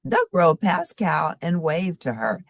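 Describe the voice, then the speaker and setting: A woman's voice: lowish voice, wildly swooping pitch, slow pace, no room sound, clean studio sound. A middle-aged woman reading a picture book aloud to children, adding friendly asides about the pictures. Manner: warm asides to young listeners. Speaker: storybook reader.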